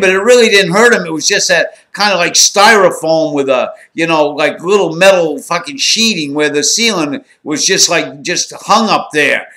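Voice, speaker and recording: A man's voice: high-pitched, sharp tone. A man in his sixties telling a raw, profanity-laden story in a blunt, candid monologue. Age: 60s. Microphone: home recording.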